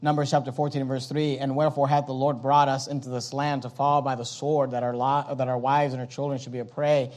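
A man preaching a sermon, reading King James scripture aloud and acting out the complaints of the people in animated voices. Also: medium pitch, a little fast, hardly any pauses. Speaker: pastor.

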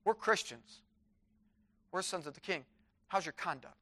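High, bright-voiced male preacher. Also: expressive, unhurried. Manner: preaching fervently, reading scripture aloud. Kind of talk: sermon. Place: chapel.

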